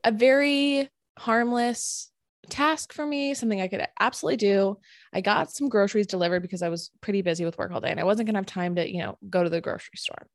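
A woman telling a personal story in casual chat, animated and full of "like" fillers. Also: mid-range voice, fast talker, dry recording, clean studio sound. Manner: animated, filler-heavy retelling with many "like"s.

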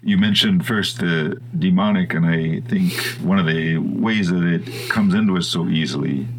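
Very low, gravelly-voiced man, relaxed conversational co-host, faint hiss behind. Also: moderate pace, rough recording. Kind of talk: casual chat.

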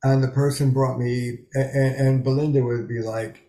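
Gravelly man in his seventies, roomy sound. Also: mid-range voice, steady tone, moderate pace, hardly any pauses, warm tone. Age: 70s. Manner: frank, emphatic, swears freely. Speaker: psychotherapist guest. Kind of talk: candid interview conversation. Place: small bedroom study in a rental.

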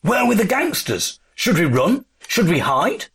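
A man with an English accent recording a spoken audio diary in a hotel room, storytelling wryly and deadpan with mock-dramatic emphasis. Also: sits high, measured pace, gravelly. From England. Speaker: folk musician and audio diarist. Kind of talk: casual spoken diary with dry humour.

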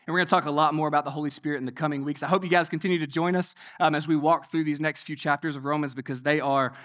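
A man preaching a sermon in a conversational way, asking many rhetorical questions and moving between loud emphasis and hushed passages. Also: on the high side, steady tone, very fast. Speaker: pastor.

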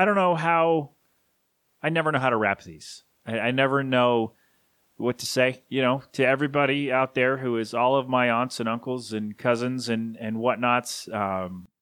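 A man talks alone on his podcast, halting and rambling as grief catches in his voice. His pitch sits at an ordinary middle height. The sound is dry and close, with no room around it. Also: fairly bright tone, no echo. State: grieving, voice catching. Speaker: podcast host. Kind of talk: solo podcast tribute.

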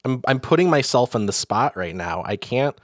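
A man co-hosting a casual chat, halting and self-conscious with laughs. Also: mid-range voice, big pitch swings, dry recording, studio quality.

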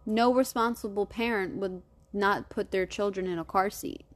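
Animated woman telling a true crime story. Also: medium pitch, moderate pace. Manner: animated, profane, retells quotes in character. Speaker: true crime podcast host.

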